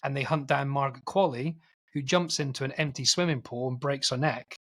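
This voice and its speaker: A man on a film podcast rambles through a plot recap in casual chat. His voice is husky and slightly breathy, pitched in an ordinary middle range. He slips into quick acted-out quotes as he goes. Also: fairly even intonation, a bit bright. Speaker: podcast co-host.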